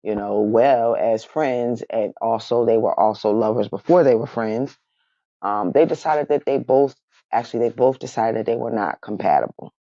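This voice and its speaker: A woman's voice: rumbling low, moderate pace, dark tone, no room sound. A woman recapping a reality show in a casual chat, keeps breaking into laughter mid-sentence and calls her viewers y'all. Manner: chatty, addresses viewers as y'all. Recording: dry, dull lo-fi sound.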